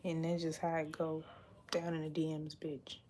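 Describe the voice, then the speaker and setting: Young woman ranting on a live stream, kinda low voice, cussing a lot, rambly, goes whispery sometimes. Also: completely flat delivery, normal speed, dark tone, slight background noise. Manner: blunt, profane, rambling, drops into a whisper at times. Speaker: livestream host. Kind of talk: casual confessional livestream chat.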